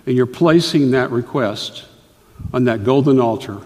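Middle-aged guy pastor giving a sermon, careful and deliberate, mid pitch, echoey church hall. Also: a little mellow. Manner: earnest, deliberate, stops to explain points. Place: church sanctuary.

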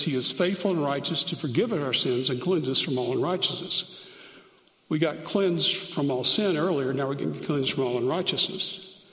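A man teaching through Bible verses, reading scripture slowly and adding grammar notes aloud as he goes. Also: a little high, fairly bright tone. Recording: echoey hall, long reverb.

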